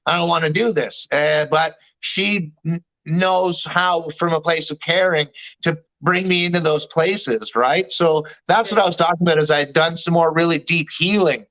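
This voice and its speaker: A man's voice: on the high side, fairly even intonation, moderate pace, pushed and bright, low-quality recording. A man, talking candidly in a casual chat, slangy and swearing freely. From Canada. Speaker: guest. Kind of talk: casual chat recounting a dream.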